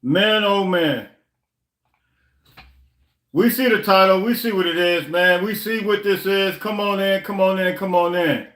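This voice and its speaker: A man's voice: high voice, normal speed, few pauses, fairly bright tone, roomy sound. A man hosting a live podcast stream, venting his frustration in a casual, repetitive way with many stammered restarts. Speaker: podcast host.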